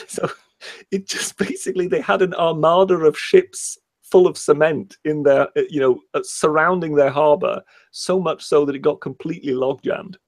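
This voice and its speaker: Hesitant British man, slightly high voice. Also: no room sound. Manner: hesitant, many ums, slows to read quotes aloud. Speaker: co-host. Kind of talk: casual livestream chat.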